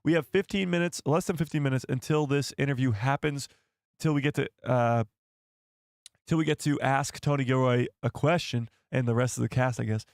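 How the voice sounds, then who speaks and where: A man hosting a casual live stream and chatting with viewers, with a hoarse voice that is almost gone. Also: mid-range voice, fairly quick, no room sound, clean studio sound. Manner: laughing fits, excitable, chatty with viewers. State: losing his voice. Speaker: YouTube livestream host. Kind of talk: casual livestream chat.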